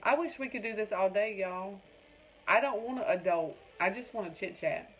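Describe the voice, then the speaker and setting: A woman's voice: medium pitch, normal speed, fairly bright tone, slight background noise, low-quality recording. A woman from North Carolina with a Southern accent, rambling in a casual live stream from home and reading out viewers' comments. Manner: chatty, rambling, keeps calling viewers "y'all" and reading out their comments. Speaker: crafting livestream host.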